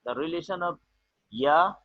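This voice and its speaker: A man teaching an online class, explaining slowly and repeating "okay" often, with a Bangladeshi English accent. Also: fairly high pitch, dry recording. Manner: slow, repetitive explaining with many "okay"s. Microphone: video call. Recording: tinny online call audio.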